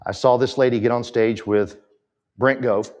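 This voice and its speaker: A man's voice: medium pitch, fairly even intonation, normal speed, darkish tone. A man giving a motivational talk from a conference stage, emphatic and direct with the audience. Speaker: conference speaker.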